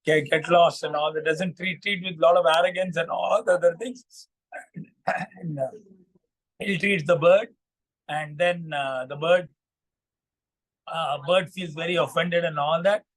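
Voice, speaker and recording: A man hosting a morning vlog, narrating a moral fable in a halting way with many fillers and repeats. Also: on the high side, fairly even intonation, rough recording. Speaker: vlog storyteller.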